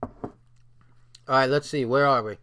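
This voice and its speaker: A man's voice: mid-range voice, steady tone, unhurried, a bit bright, clean tone. A man casually reading a book aloud and breaking off into loose, swearing asides. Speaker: book reader and commentator.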